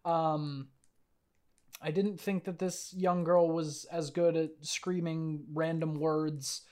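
A man's voice: fairly high pitch, flat delivery, slow, a little mellow. A man hosting a podcast in casual chat, rambling and hedging with many "like"s and restarts. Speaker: podcast host.

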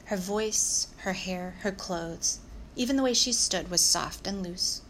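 Calm woman narrating an audiobook. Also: mid-range voice, measured pace, a little hiss or hum, poor audio.

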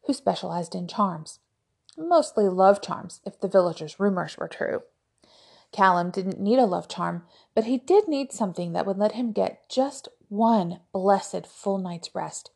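A woman narrating a fantasy novel aloud in an even, measured storytelling voice. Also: medium pitch, gravelly. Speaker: audiobook podcast narrator.

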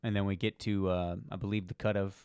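A man co-hosting a casual comic book chat, animated and swearing casually, acting out lines as he talks. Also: sits low, fast talker, clean tone, dry recording. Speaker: comic book podcast co-host.

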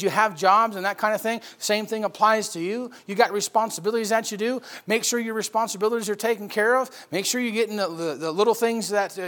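A man preaching a sermon, swinging from loud emphatic bursts to quiet storytelling. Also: sits high. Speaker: pastor.

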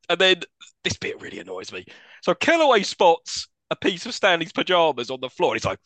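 A man's voice: a little high, no room sound. A man co-hosting a film podcast, recapping scenes in a casual chat, laughing often and acting out lines. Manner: animated recapping, quick to laugh, acts out scenes. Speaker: podcast co-host.

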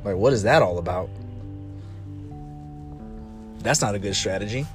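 A man's voice: fairly low pitch, moderate pace, over music. A man speaking casually about relationships, telling stories and acting out what other people said. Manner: animated storytelling, mimicking others.

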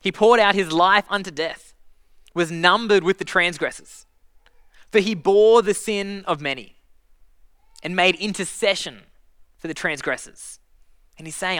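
A man's voice: high voice, normal speed, pushed and bright, clear, resonant tone, no room sound. A man preaching a sermon in an earnest, conversational way, often restarting his phrases. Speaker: pastor.

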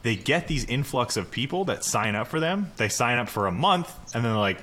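Bright-voiced man talking fast and blunt. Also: mid-range voice, animated. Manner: quick, joking and blunt. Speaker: podcast co-host. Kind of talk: casual profane chat.

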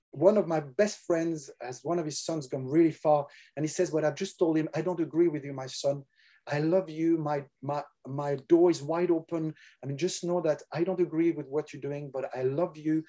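An older man whose first language is French, talking earnestly about faith and prayer in a halting way, often repeating words. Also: on the high side, fairly even intonation, warm tone. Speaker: guest. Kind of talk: casual Christian conversation.

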